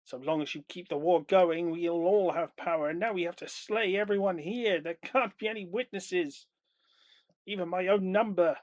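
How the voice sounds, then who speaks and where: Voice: medium pitch, moderate pace, no room sound, pitched above the performer's own voice, lightly acted. Game master voicing a furious one-eyed dragon. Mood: ruthless. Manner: yelling, furious, commanding. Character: huge one-eyed dragon, ruthless warmonger. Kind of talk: live tabletop role-play voicing.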